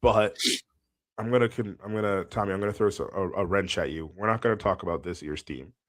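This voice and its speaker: A man with a deep, low-pitched voice co-hosts a casual sports podcast. He rambles through his points with plenty of ums and breaks into laughter often. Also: fast, fairly bright tone. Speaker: podcast co-host. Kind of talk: casual chat.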